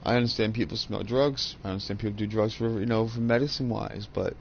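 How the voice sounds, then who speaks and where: A man's voice: lowish voice, fairly even intonation, fast talker, gravelly, dull audio, a little hiss or hum. A man in his thirties chatting casually while gaming, a profane, rambling storyteller on a headset. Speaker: gaming channel host.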